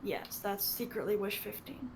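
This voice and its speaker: A woman guest on a podcast, chatting casually in a playful, apologetic way with quick giggles. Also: mid-range voice, lively intonation, noisy background.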